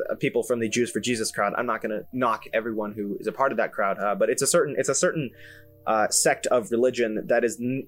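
A young man hosting a podcast, telling a story in an animated, self-amused way with lots of fillers and restarts. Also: medium pitch. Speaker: podcast host. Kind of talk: casual solo storytelling.

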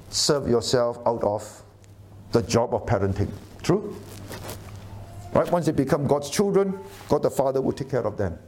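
A man's voice: medium pitch, mellow. A middle-aged man preaching a sermon, emphatic and often asking the audience questions. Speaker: pastor.

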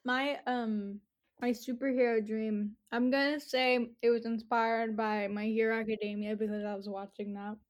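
A woman's voice: a little high, flat delivery. A young woman chatting casually with a friend, giggly and teasing as she tells her own dream. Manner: giggly, teasing, quick interjections. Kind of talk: casual chat.

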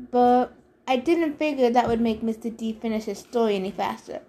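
A woman's voice: fairly high pitch, moderate pace, dark tone. A woman narrating a novel aloud in first person, giving the characters their own voices. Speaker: reader. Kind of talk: audiobook narration.

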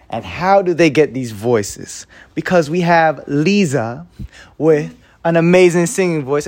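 A playful host runs a casual chat show, laughing easily and filling pauses with ums and uhs. The voice moves around a lot in pitch, bouncing between questions. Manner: giggly, playful, hesitant fillers.

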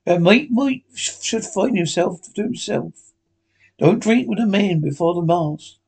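A man's voice: sits high, unhurried, gravelly, a little mellow, husky, heavily acted. A man voicing a blunt, stern male ship's captain in a classic novel read aloud, with clipped, firm speech and a few stumbles. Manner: clipped, firm, stumbling over some words.

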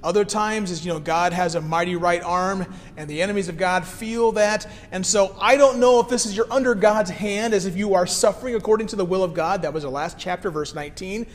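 A man's voice: high voice, fairly quick, few pauses, long reverb tail. A man in his thirties, a care pastor, preaching a sermon in an easygoing way, reading scripture and then explaining it plainly.

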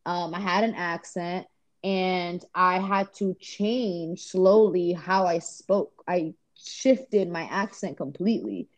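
A woman's voice: on the low side, takes it slowly. A woman from the US East Coast, a podcast guest telling stories in a rambling casual way, with restarts. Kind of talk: casual conversation. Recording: dull lo-fi audio.

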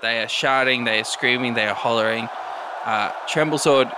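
A man narrating a tabletop game as game master, in a measured way with frequent fillers. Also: medium pitch, background noise.

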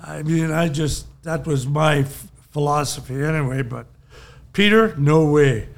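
A man's voice: a little high, measured pace, creaky. An older man, a podcast co-host, telling long rambling anecdotes in casual chat and chuckling often.

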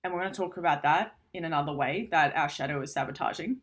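A woman's voice: low voice, fast talker. A woman giving a casual self-help talk, speaking frankly and conversationally, swearing now and then.

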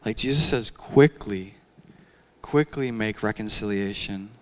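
A young man preaching a sermon in a conversational, animated way, often using casual fillers. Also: fairly low pitch, measured pace. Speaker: pastor.

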